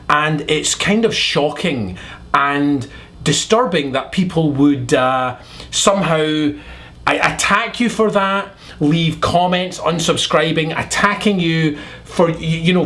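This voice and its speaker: A man from Scotland with a Scottish accent, giving a deadpan, mock-sincere comic monologue full of rambling asides. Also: fairly high pitch. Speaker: comedy vlogger.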